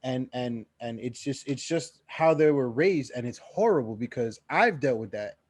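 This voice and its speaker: A man's voice: mid-range voice, expressive, normal speed, no echo. A young man co-hosting a casual podcast, rambling with frequent restarts and swearing. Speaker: podcast co-host.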